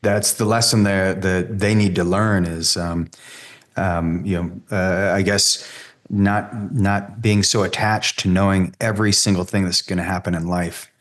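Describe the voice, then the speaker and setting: A man hosting a podcast interview, asking curious, hesitant questions with pauses and fillers. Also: deep voice, steady tone. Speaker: podcast host. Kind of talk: conversational interview.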